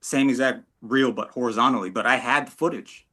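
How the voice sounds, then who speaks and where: A man in a casual panel chat, explaining his video work in a halting way, full of restarts. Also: medium pitch, pushed and bright. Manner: halting, lots of likes and restarts.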